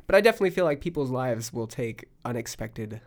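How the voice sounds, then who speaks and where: A man's voice: medium pitch, animated, fast talker. Teasing man in casual banter. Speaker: podcast co-host, stand-up comic. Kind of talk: casual chat.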